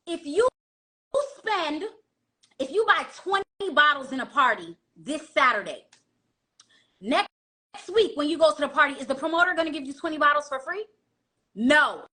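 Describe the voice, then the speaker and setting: A woman's voice: high voice, sharp tone. A woman giving blunt dating advice in a casual monologue, lecturing and asking rhetorical questions.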